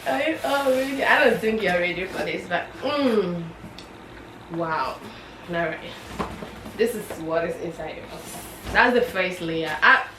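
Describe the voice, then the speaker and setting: A chatty, excitable woman unboxing on camera from her bed, her voice at a middle pitch. She sits back from the mic in a roomy-sounding space, with a faint hum of ambience behind her. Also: far from the mic. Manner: chatty, excitable, squeals with delight. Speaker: vlogger. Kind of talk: casual unboxing vlog. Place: her bedroom.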